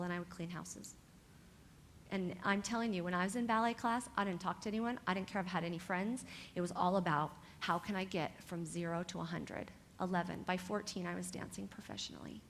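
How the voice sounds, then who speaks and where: A woman from California who teaches dance, giving a motivational talk to young dancers in an animated, encouraging way and speaking straight to the students. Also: lowish voice, fairly quick, a little hiss or hum.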